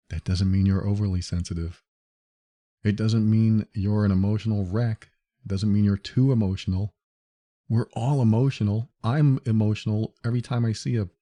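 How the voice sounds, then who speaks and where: A man with a very dark, mellow voice and a slightly low pitch, talking to his listeners in an earnest, reassuring way on a solo advice podcast. He leans on repetition to drive his points home. He is recorded close to the microphone. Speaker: podcast host.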